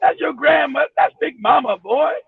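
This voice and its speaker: A man putting on a Southern elder who loudly scolds and teases a city boy, heard over a tinny phone-like line. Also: very high voice, moderate pace, creaky, recorded from a distance. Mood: mocking.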